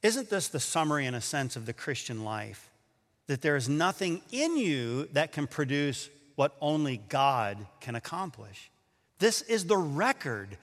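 A man preaching a sermon, telling a story with animated acted-out quotes and laughing at himself. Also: medium pitch, unhurried. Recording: echoey hall.

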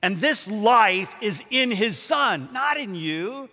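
Animated preaching man in a reverberant hall. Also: high voice, takes it slowly. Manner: animated storyteller, acts out quotes. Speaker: pastor. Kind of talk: sermon with storytelling.

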